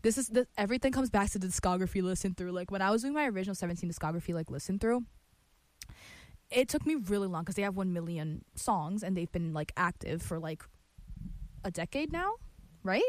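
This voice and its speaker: A woman's voice: medium pitch, animated, brisk, dry recording. Chatty young woman, filler-heavy. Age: young adult. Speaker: college radio host. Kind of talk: casual music show chat.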